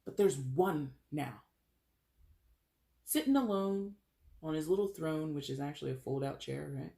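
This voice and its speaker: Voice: medium pitch, animated, unhurried, creaky, dark tone. A tarot card reader giving a casual monthly reading straight to the viewers, talking frankly with loose swearing and lots of pop-culture asides. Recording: roomy echo.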